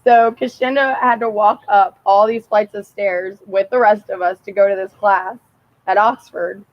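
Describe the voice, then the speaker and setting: A woman's voice: medium pitch, normal speed, no echo, lo-fi sound. Profane, rambling young woman storyteller. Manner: profane, animated, laughs often. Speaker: vlogger.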